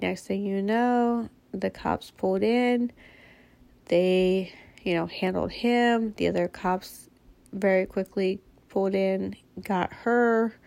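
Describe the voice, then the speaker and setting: Slow, gravelly-voiced woman telling a story. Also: medium pitch, a little mellow, no echo. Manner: candid, blunt, swears freely. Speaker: mother telling a personal story. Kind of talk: casual spoken storytelling.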